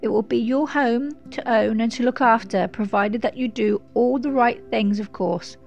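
A woman's voice: fairly high pitch, steady tone, moderate pace, gravelly, a little mellow, lo-fi sound, faint music behind. A woman voicing a curt, impatient old male lawyer who speaks in brusque, clipped phrases.

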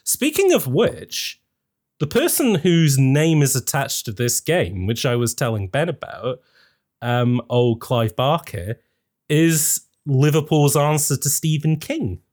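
A male podcast host with a fairly high, very lively voice that swoops up and down. He talks in a casual, rambling way, packed with fillers and self-corrections, and sounds animated. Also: slow pace.

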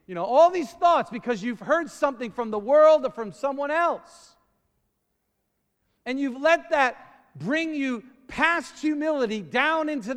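A middle-aged man preaching a sermon, rambling and repeating words, then building up to shouting. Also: extremely high pitch. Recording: long reverb of a large hall.

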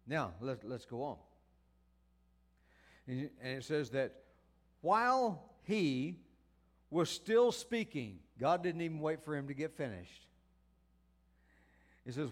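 A man's voice: a little high, lively intonation. A man preaching a sermon, stressing words and calling out praise as he goes. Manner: emphatic preaching with exclamations of praise; drawn-out stressed words and repeated restarts.

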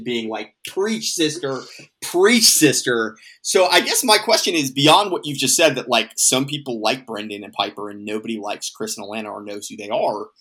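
A man's voice: mid-range voice, sharp tone. A man co-hosting a podcast in casual chat, rambling and swearing freely as he recaps and acts out quotes. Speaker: podcast co-host.

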